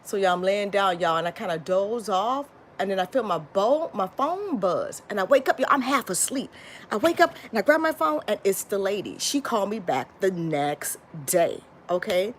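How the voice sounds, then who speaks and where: A woman's voice: mid-range voice, moderate pace. Woman from florida rambling thru a storytime, tired, lots of y'all and restarts, bit of hiss behind. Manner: rambling, lively, addresses viewers as y'all, frequent restarts. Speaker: vlogger. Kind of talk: casual storytime chat to viewers.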